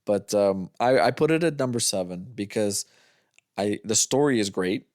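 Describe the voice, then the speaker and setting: A man's voice: lowish voice, expressive, normal speed, darkish tone. A man co-hosts a movie review podcast in loose, casual chat. He rambles through scene retellings, acting out the lines and swearing freely. The sound is dry and close, with no room echo. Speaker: podcast co-host.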